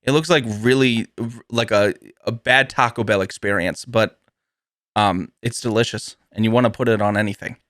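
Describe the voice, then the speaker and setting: A man's voice: lowish voice, normal speed, fairly bright tone, no echo, studio quality. A man hosting a casual podcast, rambling through asides with frequent laughter and casual swearing. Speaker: podcast host.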